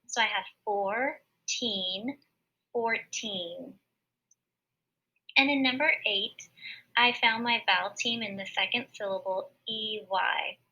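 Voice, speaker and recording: Bright-voiced teacher woman, patient and clear. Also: mid-range voice, dull audio. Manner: patient, sounds out syllables slowly and clearly. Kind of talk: recorded word study lesson for children.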